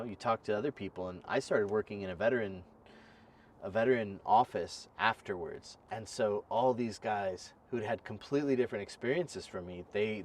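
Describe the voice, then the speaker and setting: A fairly low-pitched man in his thirties hosts a casual interview, chatty and animated, quick to laugh. His voice sits a little back from the microphone, with a faint hiss underneath. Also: recorded from a distance. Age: 30s. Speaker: podcast host.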